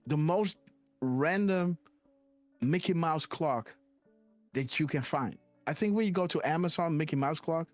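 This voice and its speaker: A host with a high-ish voice and no audible room sound runs a live decoding stream. He rambles and hesitates, often ending sentences with "guys, right?"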